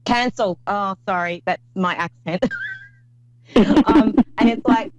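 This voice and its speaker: A woman's voice: mid-range voice, slow pace, lo-fi sound, a crowd in the background. A woman hosting a call-in psychic reading show, talking in an effusive, rambling way with many restarts. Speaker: psychic medium host.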